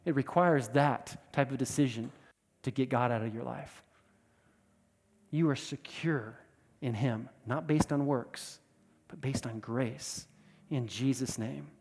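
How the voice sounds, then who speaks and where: A man preaching a sermon with emphatic delivery, repeating words and swinging between loud and soft. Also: medium pitch, takes it slowly, long pauses, in a large hall. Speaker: pastor.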